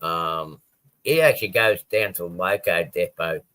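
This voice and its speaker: A man's voice: deep voice, normal speed, sharp tone. A man chatting casually on a live stream about his model railway, rambling with many ums and restarts.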